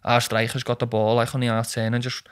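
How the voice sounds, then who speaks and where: A young man tells match stories with animated energy and drops "lad" into nearly every sentence. He talks at a middling pitch in an easygoing, chatty way. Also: quick pace, clear, resonant tone. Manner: animated storytelling, says "lad" constantly. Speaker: footballer guest. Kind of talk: casual chat.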